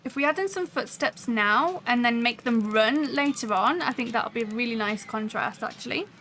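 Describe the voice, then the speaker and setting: At a normal speed, a woman with a slightly high, pushed, bright voice hosts a livestream, building a soundscape live while musing aloud and chatting with viewers in the chat. The recording is low quality, with slight background noise.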